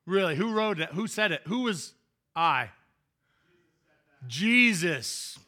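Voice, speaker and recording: A man's voice: sits high, lively intonation, slow, bright, forceful tone. A male pastor giving a chatty, interactive sermon in a church sanctuary, joking with the congregation and often restarting his sentences.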